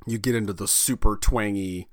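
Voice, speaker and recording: A man's voice: on the low side, steady tone, moderate pace, no room sound, studio quality. A man co-hosting a podcast who talks in a wry, explanatory way in casual conversation. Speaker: podcast co-host.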